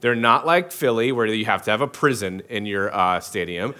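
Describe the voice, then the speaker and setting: A man's voice: fairly low pitch, moderate pace, bright, forceful tone. Male pastor, 30s, chatty sermon, jokes and asks the crowd things. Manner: casual, joking, many restarts, asks the crowd.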